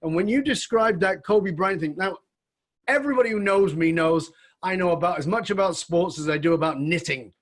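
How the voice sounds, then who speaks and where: A man's voice: high-pitched, fairly quick. A man hosting a conversational interview, speaking reflectively and building to emphatic questions. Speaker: podcast host.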